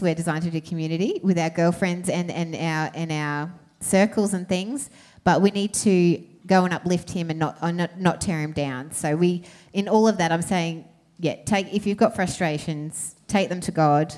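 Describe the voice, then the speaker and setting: A woman preaching to a congregation. She speaks conversationally with many fillers and directly addresses the wives and ladies listening. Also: on the low side. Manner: warm, conversational with frequent fillers. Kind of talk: sermon.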